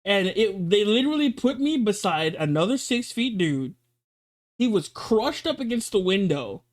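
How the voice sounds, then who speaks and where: A man streaming live, reacting to a video and telling animated stories in casual chat. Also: high-pitched. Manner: animated storytelling, swings between fast and drawn-out.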